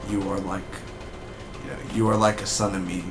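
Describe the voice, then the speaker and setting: A man voicing a menacing, soft-spoken male villain scientist, low and quiet. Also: level tone, a little fast, music in the background, natural voice. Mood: quietly menacing.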